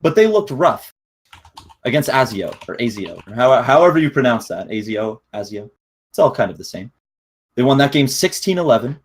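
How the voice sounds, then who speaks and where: A man with a slightly husky voice co-hosting a casual gaming podcast from a home desk mic. He keeps things upbeat and jokey and laughs easily. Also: medium pitch, very animated, fairly quick. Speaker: podcast co-host.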